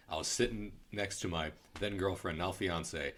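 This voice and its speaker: A young adult man co-hosting a podcast, chatting casually and telling animated stories about a film, with laughs and swearing. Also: low voice, normal speed. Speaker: podcast co-host. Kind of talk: casual movie review chat.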